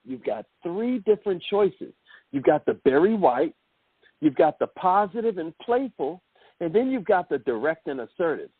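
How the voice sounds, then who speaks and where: Animated man coaching over a tinny phone line. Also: fairly high pitch, normal speed, husky, no room sound. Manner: animated, addresses listeners as millionaires. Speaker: self-development coach. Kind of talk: motivational call training. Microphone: phone call.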